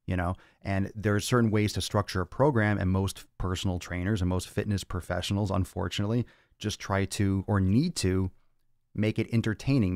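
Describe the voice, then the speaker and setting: A man's voice: on the low side, a little mellow, dry recording, clean studio sound. A man hosting a fitness podcast, answering listener questions in a blunt, profane, lecturing way. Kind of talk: blunt Q&A monologue.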